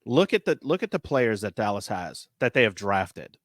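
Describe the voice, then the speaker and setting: A man hosting a casual sports podcast, talking in an animated, rambling way with lots of filler words. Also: lowish voice, normal speed, no echo, studio quality. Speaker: podcast host.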